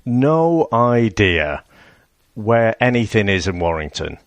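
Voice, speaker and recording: A man co-hosting a podcast in casual chat, telling a story in a measured, self-deprecating way. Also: lowish voice, very animated, no room sound. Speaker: podcast co-host.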